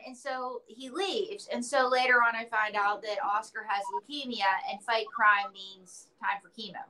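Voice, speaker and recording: A woman's voice: on the high side, fairly even intonation, moderate pace, few pauses, pushed and bright, rough recording. A woman being interviewed, chatting casually and telling stories with playful acted quotes. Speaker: interview guest, entertainer and author.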